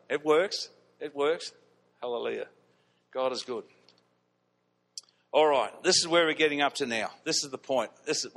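A fairly high-voiced man preaching to his congregation, telling stories with lively emphasis and repeating key phrases. His voice rings out with a long hall reverb around it. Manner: animated, repeats lines for emphasis, laughs at his own stories. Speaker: pastor. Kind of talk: storytelling sermon. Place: church hall.

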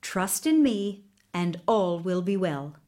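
Woman reading a gentle humpbacked horse, slow and soothing, storybook tone. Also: fairly low pitch, expressive. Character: gentle wise little humpbacked horse, male.

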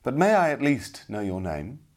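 A man's voice: medium pitch, very animated, normal speed, a little mellow, pitched above the performer's own voice, natural voice. A man voicing a humble, earnest young man in a storybook, speaking politely. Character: humble earnest young male kitchen boy.

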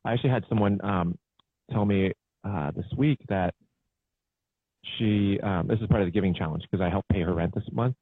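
A low, husky male entrepreneur talks in a relaxed, matter-of-fact way. His voice comes through a dry, narrow, phone-like call recording. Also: moderate pace, no room sound. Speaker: entrepreneur guest. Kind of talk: casual conversational interview.

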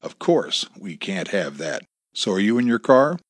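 A man's voice: fairly low pitch, sing-song, unhurried, no room sound. Guy doing a sneering phone kidnapper, bouncy sarcastic delivery, dry close sound. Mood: taunting. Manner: taunting, mocking, cruel.

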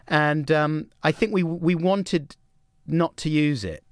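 A man's voice: on the high side, takes it slowly, dry recording, studio quality. A man hosting a podcast, telling stories in a casual chat and acting out the quotes. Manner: animated storyteller, acts out quotes. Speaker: podcast host. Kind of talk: casual conversation.

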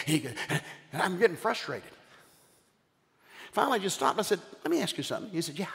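An older man, a bishop, preaching a sermon with animated storytelling and call-outs to the congregation. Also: on the high side, fast talker, creaky. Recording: long hall reverb.

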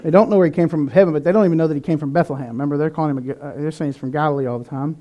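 A man's voice: fairly high pitch, rapid-fire, warm tone. A man preaching a sermon in an earnest, conversational way, with some restarts. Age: adult, past eighteen.

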